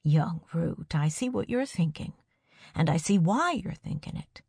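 A kind village teacher from a storybook, gentle and soft-spoken, turning nervous and halting under pressure, as a woman narrator plays him. His lines come slow and low, in a close, dry recording. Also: animated, slightly rough, no echo, exaggerated voice.

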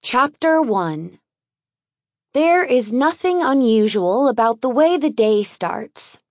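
A woman's voice: on the high side, animated, slow pace, dry recording. A woman narrating an audiobook in a wry, conversational first-person storytelling manner, recorded in a dry booth.

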